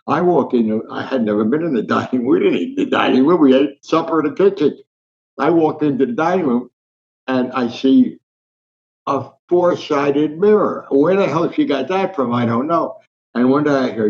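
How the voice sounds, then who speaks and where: A man's voice: medium pitch, normal speed, lo-fi sound. A man, telling family stories as an interview guest and acting out the voices. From Newark, New Jersey. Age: 90s. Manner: animated anecdotal storyteller, acts out voices. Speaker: guest, sports columnist. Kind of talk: storytelling in an interview.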